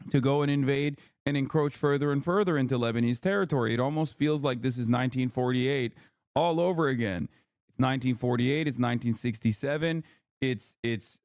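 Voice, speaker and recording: A man's voice: mid-range voice, a little mellow, no echo, studio quality. A man live-streaming, reacting to a debate clip with sarcastic casual commentary and reading out chat. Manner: sarcastic, riffs with chat, slips into mock British voice.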